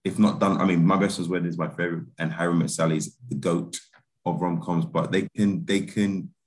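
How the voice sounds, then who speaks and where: A man, a film director, chatting in a relaxed interview, laid-back with many restarts and fillers. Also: low-pitched, a little fast.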